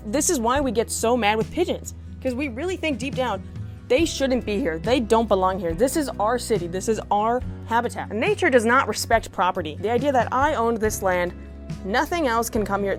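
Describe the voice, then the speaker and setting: A woman giving a comedic rant monologue, exasperated, swearing and animated. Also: on the high side. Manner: profane, exasperated, animated ranting. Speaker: comedic commentator.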